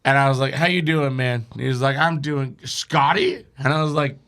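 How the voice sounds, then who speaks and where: Gravelly man rambling through a story. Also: mid-range voice, steady tone, normal speed, a bit bright. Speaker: podcast guest. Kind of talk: casual storytelling.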